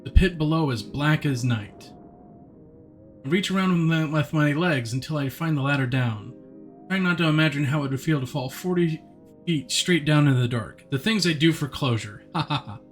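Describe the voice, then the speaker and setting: With faint music in the background, a man streams a game, chatting away, responding to viewers, and reading narration aloud plainly. His pitch is fairly high and his pace moderate.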